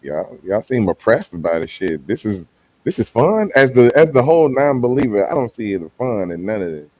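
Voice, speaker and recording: A man's voice: medium pitch, very animated, moderate pace, darkish tone, rough recording. A man on a podcast panel, casually teasing the others from a non-believer's side. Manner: teasing, irreverent.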